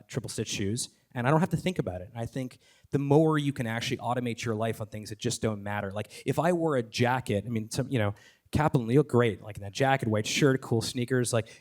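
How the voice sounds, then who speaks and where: A man talking onstage as a podcast host, enthusiastic and rapid, with many fillers, restarts and the odd swear word. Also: medium pitch, a little mellow. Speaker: podcast host and guest speaker. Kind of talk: live onstage conversation.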